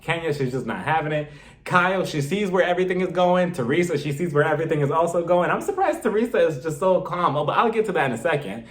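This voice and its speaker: Man, somewhat high voice, gossipy chatty recap, roomy echo. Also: animated, fast. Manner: chatty, gossipy retelling with filler words. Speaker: reality TV recapper. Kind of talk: casual episode recap. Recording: echoey room.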